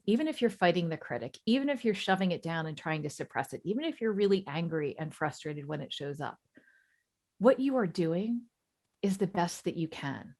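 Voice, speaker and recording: A woman in her forties, a coach giving a webinar talk in a warm, reassuring, conversational way. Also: on the low side. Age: 40s.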